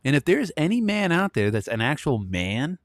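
A man's voice: fairly high pitch, sing-song, normal speed, dry recording, studio quality. A man in his thirties hosting a solo commentary show, blunt and ranting, often breaking into laughter. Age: 30s. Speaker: podcast host.

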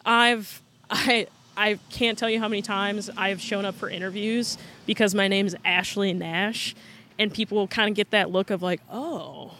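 A woman's voice: medium pitch, steady tone, normal speed, pushed and bright, slight background noise. A woman in casual conversation, chatty and full of fillers, often breaking into laughter. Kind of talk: casual chat.

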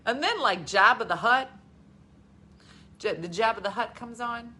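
A woman in her forties chatting casually as co-host, animated and acting out her own reactions. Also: a little high, measured pace, husky. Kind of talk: casual chat.

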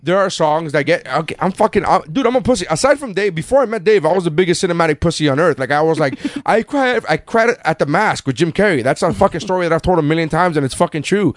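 A man with a somewhat high voice, talking in a loose and profane way during a movie-review chat. He repeats his words when he gets worked up. The sound is dry and close, with no room echo. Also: quick pace, few pauses. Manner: profane, animated, repeats himself. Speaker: podcast co-host.

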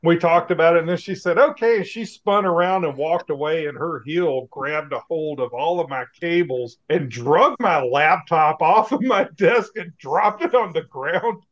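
Man, podcast co-host, slightly high voice, muffled lo-fi call audio, wry, swears. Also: normal speed, few pauses. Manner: profane, wry, laughs often. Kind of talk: casual chat. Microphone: video call.

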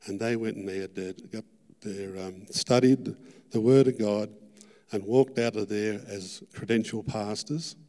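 A middle-aged Australian man preaching a sermon testimony, earnest and fervent, repeating his words and rising to loud peaks. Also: on the low side, fairly even intonation, a little slow. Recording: long hall reverb.

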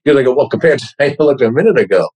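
Wry husky man with a New York accent. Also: mid-range voice, animated, very fast, darkish tone, rough recording. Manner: wry self-deprecating storyteller. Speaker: guest. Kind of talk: casual interview chat.

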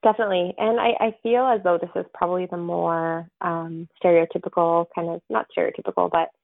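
A woman's voice: lowish voice, little pitch movement, a little fast, gravelly, no echo. A woman guest on a podcast, telling her story in a rambling, casual way full of fillers and restarts. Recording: tinny phone-like line.

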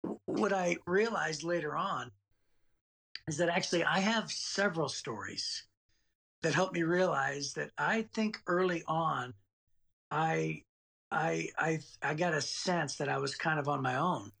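Here a man in his late forties recalls his boyhood for a podcast interview, meandering and saying words twice. His fairly high voice moves a little slowly, carries vocal fry, and has a slight brightness.

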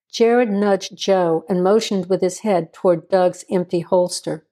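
A woman reading a crime story aloud in steady, even scripted narration. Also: on the low side, measured pace, hardly any pauses.

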